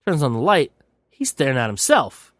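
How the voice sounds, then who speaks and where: A man's voice: mid-range voice, wildly swooping pitch, normal speed, a bit bright, no room sound, studio quality. A male podcast host giving a rambling, profane, casual movie recap full of digressions.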